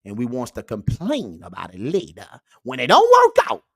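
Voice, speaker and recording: A performer puts on a sermonizing uncle who lectures his audience like a preacher. His pitch leaps wildly from high squeals to low growls, and he leans on "baby" and "you see". The sound is close and completely dry. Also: wildly swooping pitch, moderate pace, creaky, breathy edge, no room sound, full character voice. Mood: preachy. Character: preachy male uncle lecturing on red-pill views. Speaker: host. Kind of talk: comedic character monologue reacting to clips.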